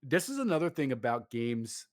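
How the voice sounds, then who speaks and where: A man's voice: mid-range voice, normal speed. Ranting man in casual gaming chat. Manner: animated ranting, swearing, lots of fillers.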